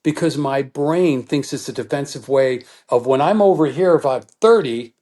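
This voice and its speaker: At a normal speed and medium pitch, a middle-aged guest expert explains his subject in an interview, lively and instructive, voicing quoted thoughts as if performing them.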